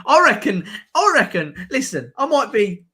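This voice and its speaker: A man with a Birmingham accent hosting a live stream, reacting excitedly to a football match, laughing and shouting at the play. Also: very high voice, moderate pace, slightly rough.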